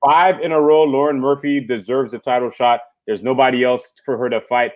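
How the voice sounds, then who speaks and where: A man in a mid-range voice talks through the fights with steady enthusiasm. He lays out the details plainly, the way a fan who knows the sport explains what happened. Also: mid-range voice, brisk. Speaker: podcast co-host. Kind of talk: casual fight recap chat.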